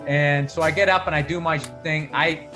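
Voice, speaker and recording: A man's voice: a little high, steady tone, normal speed, sharp tone, faint music behind. A man telling a long profane story in casual podcast chat, getting fired up as he rants. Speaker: podcast guest comedian.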